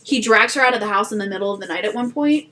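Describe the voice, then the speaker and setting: A young woman co-hosting a podcast, retelling a story in a casual chat with animated indignation and laughter. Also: medium pitch, racing. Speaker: podcast co-host.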